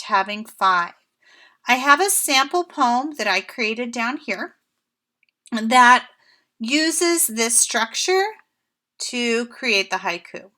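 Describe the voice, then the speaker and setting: Young woman, primary teacher, high bright voice, slow and encouraging, talking to small kids. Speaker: first grade teacher. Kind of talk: remote lesson for young children.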